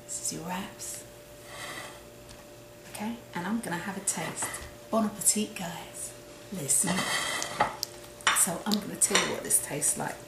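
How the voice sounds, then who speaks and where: Here the host's voice sits lowish and creaky, measured in pace and broken by long pauses. She chats through a casual cooking demo at home, repeating herself as she samples the food, in an echoey kitchen with a little noise.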